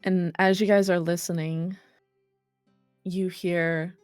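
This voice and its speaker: Casual, low-voiced woman game master. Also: level tone, slow pace, pauses often, darkish tone, clear, resonant tone, no echo, faint music behind. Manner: casual, swears, laughs. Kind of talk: narrating a tabletop role-play.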